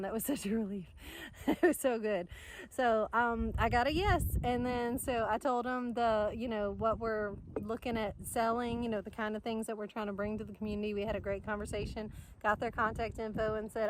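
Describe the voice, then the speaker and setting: A woman, chatty and excitable, telling a story to camera outdoors in the sun and laughing often. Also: a little high, normal speed, a little hiss or hum. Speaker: vlogger.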